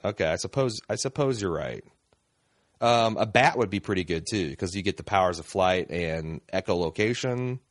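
A man with a low voice leads a rambling podcast chat, chuckling as he goes. The recording is dry and close, with no room around it. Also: lively intonation, normal speed, dry recording. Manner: rambling, chuckling, pompous senator parody. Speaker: podcast host. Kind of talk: casual chat.

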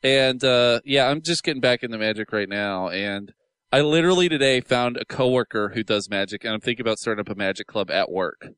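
A man's voice: medium pitch, brisk, fairly bright tone, clean tone, no echo. A man co-hosting a podcast in casual chat, playful and jokey. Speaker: podcast co-host.

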